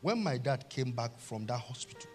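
A middle-aged Nigerian man preaching a sermon, telling a family story and swinging from hushed tones to shouts. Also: mid-range voice, lively intonation, normal speed, faint music behind. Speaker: pastor.

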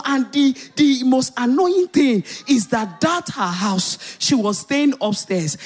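A middle-aged Nigerian woman preacher telling a personal story in a sermon, animated, with loud exclamations. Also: fairly high pitch, slightly rough.

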